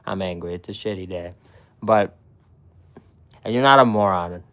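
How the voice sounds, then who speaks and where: A man's voice: sits low, normal speed, a bit bright. A young man streaming live, chatting casually with his viewers and swearing a lot. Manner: profane, talks to chat.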